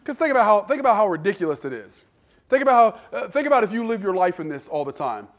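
Pastor guy preaching in church, pretty high voice, gets loud then goes quiet, acts out little voices. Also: fast talker. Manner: lively preaching, dropping to soft asides and acting out voices. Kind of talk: sermon.

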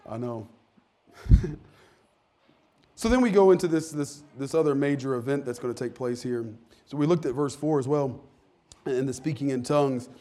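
A man preaching a casual, candid sermon to his church, with frequent restarts and lively asides. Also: on the high side. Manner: candid, self-deprecating, animated with many restarts. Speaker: pastor. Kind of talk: conversational sermon. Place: church sanctuary.

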